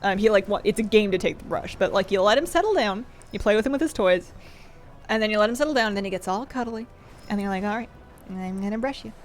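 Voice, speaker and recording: A woman's voice: medium pitch, lively intonation, quick pace, a little hiss or hum. A woman streamer chatting casually, rambling and affectionate, often restarting her sentences. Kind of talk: casual chat.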